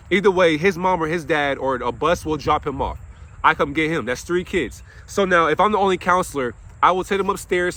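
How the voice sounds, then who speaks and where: Young guy, highish voice, venting hard, preachy, asks questions then answers em, cusses a lot. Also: a bit bright. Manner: swears while venting. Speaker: after-school counselor. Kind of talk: impassioned monologue to camera.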